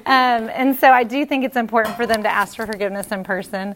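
Chatty mom telling parenting stories. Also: female voice, on the high side, fast, a bit bright, slight background noise. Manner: earnest, chatty, many fillers and restarts. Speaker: church parenting speaker. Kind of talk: casual talk with anecdotes.

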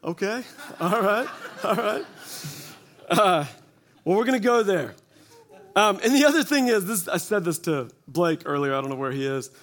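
A man's voice: high voice, lively intonation, moderate pace, fairly bright tone. Joking storyteller man in his forties. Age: 40s. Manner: self-deprecating storytelling with quoted asides. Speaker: church speaker. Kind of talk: humorous testimony talk. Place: church gathering before an audience.

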